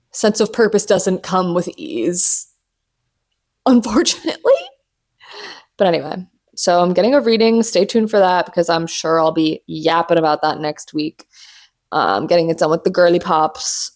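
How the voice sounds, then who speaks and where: A young woman hosting her own podcast, chatting casually and playfully, cursing freely and teasing through drawn-out asides. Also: fairly low pitch, animated, darkish tone. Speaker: podcast host. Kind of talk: casual solo podcast chat.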